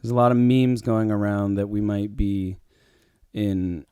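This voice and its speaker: Low-voiced man rambling on a podcast. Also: steady tone, a little slow, dark tone, clear, resonant tone, no room sound, clean studio sound. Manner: rambling, many fillers and restarts. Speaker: podcast host. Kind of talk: casual solo podcast talk.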